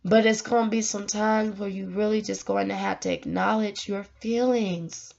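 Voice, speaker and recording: A woman's voice: mid-range voice, gravelly. A woman talking to the camera in a casual, emotional monologue, earnest and preachy, often breaking into laughs. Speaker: vlogger giving life advice. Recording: dull lo-fi sound.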